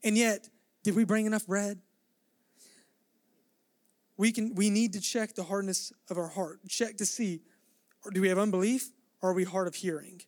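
A man's voice: sits high, fairly even intonation, moderate pace, pauses often, dry recording, studio quality. A male pastor preaching a midweek sermon, earnest and building in intensity, acting out the dialogue of scripture scenes.

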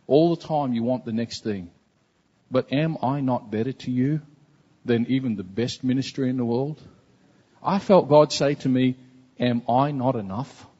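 A man's voice: mid-range voice, a little slow, mellow, husky. A man preaching a sermon as a pastor, earnest and conversational, often repeating himself. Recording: dull, reverberant hall recording.

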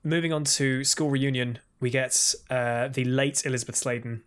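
Animated man podcast co-host. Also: medium pitch, moderate pace. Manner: animated, chatty, repeats words when starting sentences. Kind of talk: casual chat.

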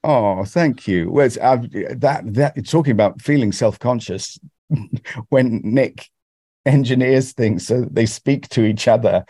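A man's voice: medium pitch, unhurried, dark tone, slightly rough, dry recording, studio quality. A man from Britain, a guest actor, chatting in an interview in a self-deprecating way with frequent restarts. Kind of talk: conversational interview.

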